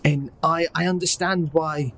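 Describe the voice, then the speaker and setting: A man's voice: fairly high pitch, steady tone, unhurried, fairly bright tone, slight background noise, voice pushed up. A man voicing an oozy creature posing as an inspector, in a put-on Cockney accent. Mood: reassuring. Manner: soothing, earnest. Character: ooze creature faking a Cockney inspector, reassuring.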